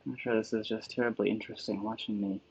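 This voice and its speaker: Talking at a quick pace, a calligrapher streaming his work muses aloud and drifts into digressions in a casual way. His voice is fairly low and level, creaky with a breathy edge. The audio is dull lo-fi, with faint music behind.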